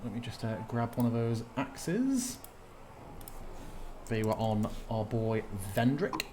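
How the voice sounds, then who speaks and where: A man acts as game master for a tabletop game, narrating in a relaxed, thinking-aloud way as he sorts out rules. His voice sits at an ordinary pitch. A faint ambient hiss runs underneath. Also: takes it slowly.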